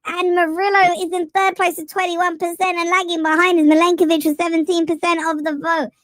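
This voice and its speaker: Super squeaky chipmunk fan voice, goofy commentator bit, dry close mic. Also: male voice, level tone, brisk, fairly bright tone, no echo. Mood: mock commentary. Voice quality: chipmunk-like, childlike pitch. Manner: mock commentator, goofy and teasing. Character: squeaky voice-changed fan, male adult. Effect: high-pitched voice changer. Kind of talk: live stream banter.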